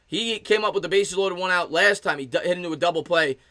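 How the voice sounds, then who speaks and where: A man in his thirties calls a baseball game pitch by pitch as an excited fan, stopping to thank and answer his chat viewers. His voice is bright and forward, a little above the usual pitch for a man. The sound is dry and close, with no room around it. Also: quick pace, no echo. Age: 30s. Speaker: fan play-by-play streamer. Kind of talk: live play-by-play commentary with chat replies.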